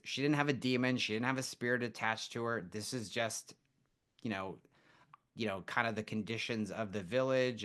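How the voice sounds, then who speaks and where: A man guest on a podcast, telling stories in a casual, animated way and acting out what people said. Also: fairly low pitch. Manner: animated storyteller, acts out quotes. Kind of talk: casual storytelling interview.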